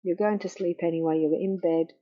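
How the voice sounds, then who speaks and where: A woman counselling on grief in a gentle, slow, reassuring way that softens to a near hush. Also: lowish voice, fairly even intonation. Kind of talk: guided self-help talk. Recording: dull lo-fi faulty microphone.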